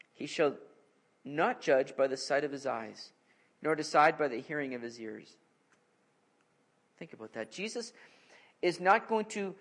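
A man in his thirties preaching an expository sermon in an earnest, conversational way, with family stories as asides. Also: fairly high pitch. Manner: earnest, animated in anecdotes. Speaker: pastor.

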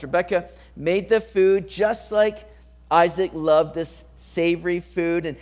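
A man preaching a sermon, reading scripture and acting out the people in the story with lively commentary. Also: fairly high pitch. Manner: animated, acts out voices of the people in the story. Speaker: pastor.

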